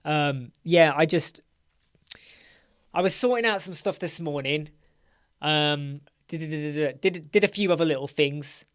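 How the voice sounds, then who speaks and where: A man's voice: fairly high pitch, unhurried, no echo, studio quality. A middle-aged man from England hosting a casual live Q&A stream. He sounds tired and yawns now and then, chats loosely and greets viewers by name. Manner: chatty, greets viewers by name, repeats words. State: tired, yawning. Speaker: livestream host.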